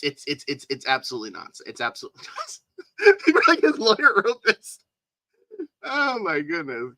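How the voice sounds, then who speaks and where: Incredulous streamer host with a bright, close, dry voice and frequent laughs. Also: mid-range voice, no echo, rough recording. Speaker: livestreamer. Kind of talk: livestream reaction commentary.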